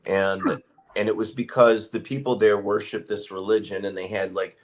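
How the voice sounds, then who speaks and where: A man's voice: fairly low pitch, fairly even intonation, normal speed. A man on a casual chat show, wry and self-deprecating, laughing often.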